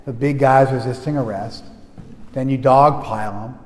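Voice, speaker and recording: A man teaching a group in a loose, conversational way, stopping to ask whether listeners follow. His voice sits at a middle pitch. A long reverb hangs behind it. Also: fairly even intonation, moderate pace, darkish tone. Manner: conversational, frequent restarts, checks listeners with "you follow?". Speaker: spiritual teacher. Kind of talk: informal talk to a group.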